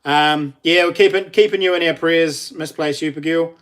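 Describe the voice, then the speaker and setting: A man's voice: on the high side, steady tone, moderate pace, a bit bright, smooth. A middle-aged man with a New Zealand accent, chatting casually on a live stream, laughing often and reading out viewer messages.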